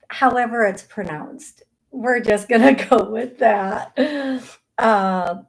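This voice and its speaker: On her live psychic medium call-in show, a middle-aged host chats casually, laughs readily, and frequently restarts her sentences or fills pauses. She speaks in a higher voice with vocal fry, and the recording quality is low.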